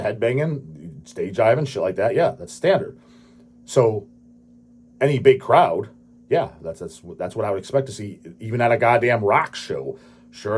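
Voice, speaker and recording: Male host, late 30s, husky voice, crude profane ranting delivery. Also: mid-range voice, a little mellow. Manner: crude, swearing, dismissive ranting. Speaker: channel host answering viewer questions. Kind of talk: profane ranting casual talk.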